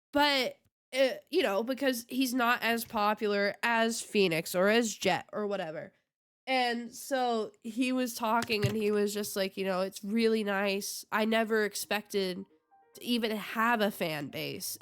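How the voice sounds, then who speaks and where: A woman's voice: fairly high pitch, a bit bright. A young woman streaming a video game, chatting casually and telling a rambling, giggly story. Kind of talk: casual live-stream chat.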